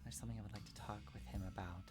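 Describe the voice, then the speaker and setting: A woman's voice: a bass voice, fairly even intonation, very fast, over music. A woman voicing a popular, scheming teenage girl cheerleader in a tabletop role-playing game, talking in a breezy, self-assured way.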